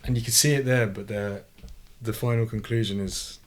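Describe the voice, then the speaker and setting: A man chatting casually in a measured, low-key way. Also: fairly even intonation. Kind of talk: casual chat.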